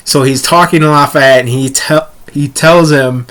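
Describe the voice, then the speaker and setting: A man's voice: on the high side, fairly even intonation, normal speed, hardly any pauses, a bit bright. A young man casually reviewing a comic chapter, rambling and often stumbling over words and restarting.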